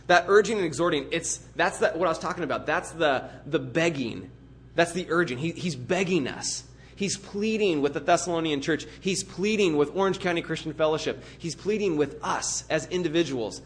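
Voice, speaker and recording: Earnest, higher-voiced man preaching a sermon. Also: normal speed. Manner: earnest, emphatic, builds vivid everyday illustrations. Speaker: pastor. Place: church.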